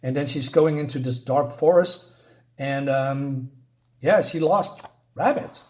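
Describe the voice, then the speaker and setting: A man's voice: medium pitch, slow pace. A man giving a casual spoken comic review, hesitant, with many ums and restarts.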